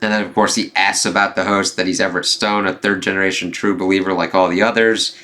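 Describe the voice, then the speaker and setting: Speaking fast in a low, level, sharp-toned voice, a man loosely reviews a comic issue, recounting it casually with fillers and swearing. He reads its dialogue aloud, mostly without changing from his own voice.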